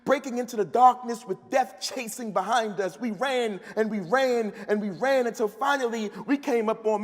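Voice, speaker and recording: High-voiced man reading fiction aloud. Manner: rhythmic, storytelling delivery. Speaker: author reading his own work. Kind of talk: live reading of first-person fiction. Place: large festival hall. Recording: long hall reverb.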